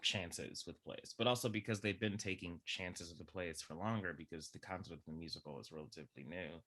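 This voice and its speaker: A man chatting as a podcast guest, animated and laughing often, swinging from loud bursts to low murmurs. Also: fairly quick. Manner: laughs often mid-sentence. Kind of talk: casual chat.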